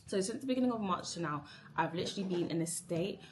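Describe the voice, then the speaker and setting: Young adult woman, lowish voice, rambling exasperated work rant, repeats herself. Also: lively intonation, fast, a little hiss or hum. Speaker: vlogger. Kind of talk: emotional work rant to camera.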